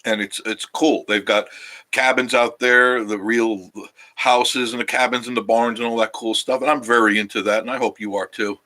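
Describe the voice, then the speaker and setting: A man's voice: medium pitch, fairly even intonation, moderate pace, pushed and bright. Tired, rambling man chatting with viewers. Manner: rambling, chatty, loses his train of thought. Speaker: travel vlog host. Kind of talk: casual live-stream chat with viewers. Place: cabin living room, sitting on a couch.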